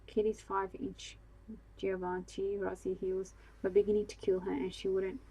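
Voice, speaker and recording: A woman narrating a bedtime story in a calm, steady reading voice. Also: mid-range voice, moderate pace, slightly rough, low-quality recording.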